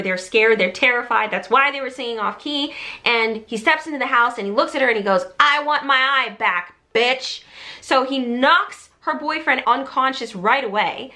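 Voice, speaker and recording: A woman casually retelling a movie plot as a storytime, animated and acting out the quotes. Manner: animated, acts out quotes with shifting pitch.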